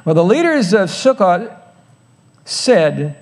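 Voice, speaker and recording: A man's voice: high voice, animated, moderate pace, darkish tone. A male pastor giving a conversational, folksy sermon, with asides to the congregation.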